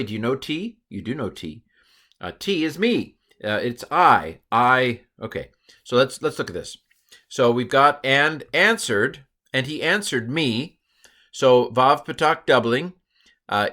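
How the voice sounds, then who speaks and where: A man's voice: mid-range voice, pushed and bright. A middle-aged man teaching biblical Hebrew from slides, chatty, with playful asides and frequent self-corrections. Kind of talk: recorded lesson walking through slides.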